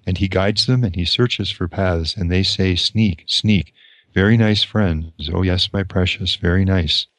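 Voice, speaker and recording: A man's voice: deep voice, unhurried, no echo. A man reading as a sly, self-pitying creature. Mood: resentful. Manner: read aloud in a plain voice.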